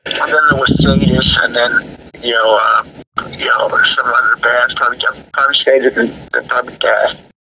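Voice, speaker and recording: A man's voice: mid-range voice, steady tone, normal speed, creaky, recorded from a distance, noisy background. A man in a casual interview, talking about his band in a rambling way, full of fillers and restarts. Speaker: guest musician, death metal vocalist.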